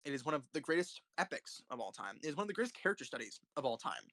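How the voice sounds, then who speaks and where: A man's voice: fairly high pitch, big pitch swings, racing, pushed and bright, no room sound. A young man rambling passionately about films in casual commentary, often swearing and restarting his sentences. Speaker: host ranking films.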